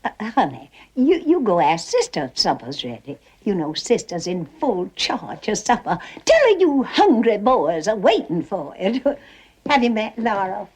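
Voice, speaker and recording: A woman's voice: medium pitch, sing-song, a little slow, darkish tone, husky. An actress playing a faded Southern belle mother with a Southern American accent, who chatters genteelly with little laughs. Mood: gushing.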